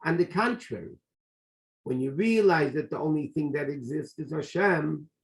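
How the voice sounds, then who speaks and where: A rabbi with a high-pitched voice teaches a Tanya class, lecturing animatedly. He keeps returning to repeat his key phrases and works Hebrew and Yiddish terms into his English.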